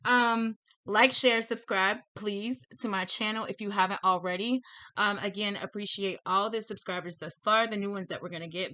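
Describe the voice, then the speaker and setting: A woman's voice: medium pitch, fairly even intonation, normal speed, bright, forceful tone, no room sound. A woman with a lisp hosting a spiritual reading channel, bubbly and effusive, a bit tongue-tied as she chats through announcements. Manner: bubbly, effusive, repeats herself. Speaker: tarot reader and channel host. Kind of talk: chatty intro to a reading video.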